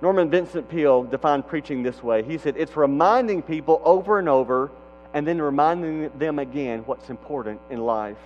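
High-voiced man preaching in a reverberant hall. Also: moderate pace, darkish tone. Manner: emphatic, repeats key questions, occasional stammered restarts. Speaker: pastor. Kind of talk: sermon. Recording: dull sound with long hall reverb and mains hum.

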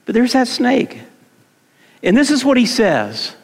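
A man's voice: very high voice, huge pitch swings, a little slow, gravelly. A middle-aged man preaching a sermon in a conversational way, repeating words and asking his congregation questions. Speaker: pastor. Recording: long hall reverb.

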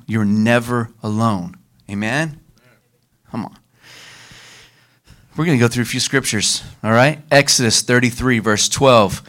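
A man preaching a sermon as pastor, leading the congregation in call-and-response and slowing down for emphasis. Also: medium pitch, a bit bright. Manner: leads the congregation in call-and-response, varies his pace for emphasis.

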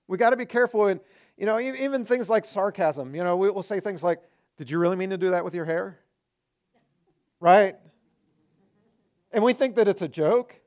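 A middle-aged man preaching a sermon as pastor, conversational and animated, acting out quoted remarks. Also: high voice.

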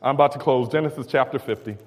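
A man preaching a sermon with call and response, dropping low and quiet, then building up to shouting. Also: fast talker. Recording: long hall reverb.

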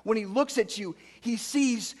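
A man's voice: high voice, a little slow. A man preaching a sermon, reading scripture and then explaining it with emphatic, repeated phrases. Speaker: pastor. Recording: long hall reverb.

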